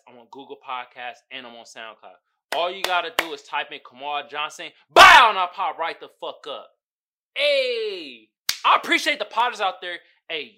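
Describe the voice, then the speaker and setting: A man hosting his own podcast, ranting casually and profanely, slipping into high mimicking voices. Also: noisy background. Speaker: podcast host. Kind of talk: casual solo podcast rant.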